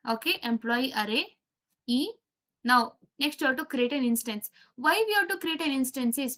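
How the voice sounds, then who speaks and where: A woman's voice: high-pitched, bright, forceful tone. A woman teaching a live programming class, repeating key steps and quizzing her students as she goes. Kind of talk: live coding lesson.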